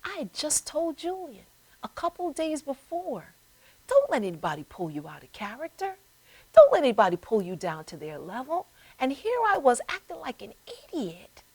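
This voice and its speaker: A middle-aged woman host relates a personal story in an animated way. Her voice sits fairly high and moves over a wide range of pitch, acting out the voices as she goes. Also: moderate pace, breathy edge, poor audio. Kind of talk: storytelling talk. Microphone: live stream.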